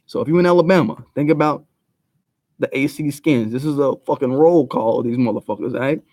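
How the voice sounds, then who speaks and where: A man's voice: mid-range voice, a little fast, a little mellow, no room sound. A man giving a blunt, profane commentary rant full of street slang. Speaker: video commentator.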